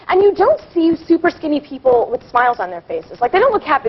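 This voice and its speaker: A woman in her late twenties, a guest actress chatting on a talk show in a chatty, giggly, animated way. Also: high-pitched, fast, background noise. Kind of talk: casual talk show chat. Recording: dull lo-fi TV broadcast audio.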